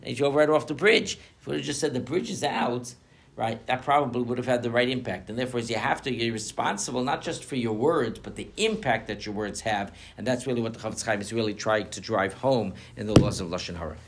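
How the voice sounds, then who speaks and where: A rabbi teaches a class with lots of energy, firing off rhetorical questions and small jokes. This man has a mid-pitched voice. He drops Yiddish and Hebrew words into plain, chatty speech in front of a room of listeners. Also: quick pace, creaky, hardly any pauses. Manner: animated, joking, full of rhetorical questions; sprinkles Yiddish and Hebrew terms. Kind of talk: lively Torah class talk.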